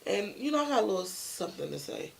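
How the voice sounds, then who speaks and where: Gravelly, chatty storytime vlogger. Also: mid-range voice, very animated, quick pace, a little hiss or hum, low-quality recording. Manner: chatty, speaks straight to viewers. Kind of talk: casual storytime.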